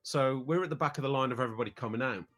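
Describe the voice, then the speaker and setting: A British man in his thirties, appearing as a podcast guest, tells a rambling, casual story about a family trip, often repeating words as he begins sentences. His voice is medium-pitched and a bit bright, and he talks at a racing pace.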